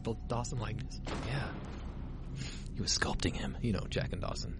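A man's voice: fairly low pitch, lively intonation, normal speed, gravelly, music in the background. A man co-hosting a podcast in casual chat, swearing and telling stories with jokes. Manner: crude, joking storyteller. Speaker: podcast co-host. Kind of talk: casual chat over a film.

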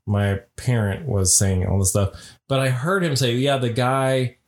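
Animated middle-aged man telling stories. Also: fairly low pitch, normal speed. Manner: animated storyteller, lots of "like" and "you know". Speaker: podcast co-host. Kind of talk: casual chat.

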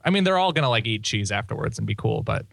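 A man's voice: lowish voice, very animated, quick pace, gravelly, fairly bright tone, no room sound. A man co-hosting a casual sports podcast, talking in a laid-back, wry way. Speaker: podcast co-host.

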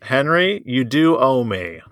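A man's voice: medium pitch, sing-song, slow pace, a bit bright, no echo, studio quality. A man co-hosting a casual comedy podcast, teasing his co-host dryly and laughing through his lines.

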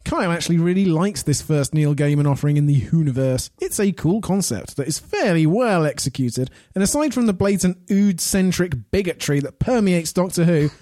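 A man chats on a casual podcast, reading reviews aloud and teasing the others. His voice swings widely in pitch with lively expression. The recording is dry and close-miked. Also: a little fast, few pauses, no echo. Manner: animated, playful, reads reviews with expressive swings. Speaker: podcast co-host.

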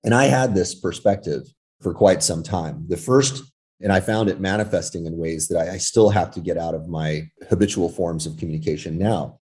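A man's voice: low voice, moderate pace. A man from California, a podcast guest telling stories with lots of fillers in casual conversation. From California, United States. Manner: animated storyteller, frequent fillers.

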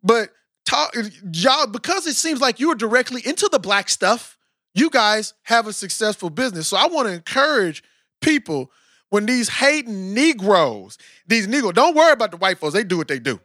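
An American man hosting a podcast in a casual, animated way, with lots of fillers. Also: high voice, normal speed, no room sound, clean studio sound. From United States. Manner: animated and talkative, with frequent fillers. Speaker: podcast host interviewing a guest. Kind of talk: casual chat.

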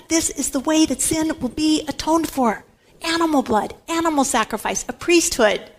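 A woman with a high voice teaches scripture in an emphatic talk. She stresses her points by repeating key words over and over, like a Catholic Bible teacher. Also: animated, normal speed.

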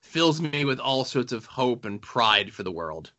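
A man co-hosts a podcast in a very animated, bright, forceful medium-pitched voice, speaking a little slowly. He chats casually and jokes, rambling with fillers about comics and TV, in dull lo-fi sound.

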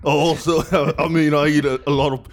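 A man putting on the voice of a dim, punch-drunk male boxer, halting and dopey with a slight Cockney tinge. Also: on the high side, level tone, slight background noise, close to an everyday voice.

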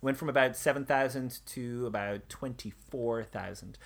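A man's voice: medium pitch, moderate pace, vocal fry, fairly bright tone. A man presenting history in a casual conversation, reading out passages, with many fillers and restarts. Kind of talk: casual podcast chat.

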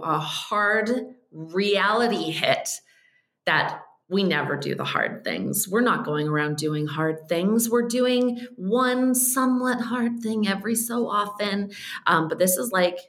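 A woman, a podcast guest, telling stories in a casual chat, animated and quick, often saying "like" and "um". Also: fairly low pitch, echoey room. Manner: animated, quick storytelling with frequent "like" and "um".

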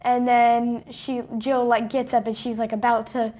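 A woman's voice: a little high, little pitch movement, unhurried, a little mellow. A young woman in casual chat, recapping a movie plot in a chatty way, full of "like". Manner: chatty recap with many filler likes.

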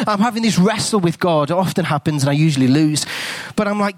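A man's voice: high-pitched, fast talker, no echo. A man, a guest speaker telling a funny, self-deprecating story in a sermon, acting out the dialogue.

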